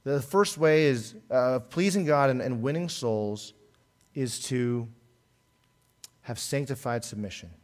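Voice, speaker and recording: A man preaching a sermon in an earnest tone, rising louder on key points and dropping softer after them. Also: medium pitch, slow. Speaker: pastor.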